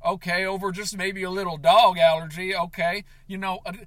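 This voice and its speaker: A man ranting in a comedic confessional vlog, overwrought and tearful, breaking into sobs and shouts. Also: high voice, little pitch movement, brisk, dry recording. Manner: overwrought, sobbing and shouting in bursts. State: tearful, on the verge of crying. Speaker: comedic vlogger.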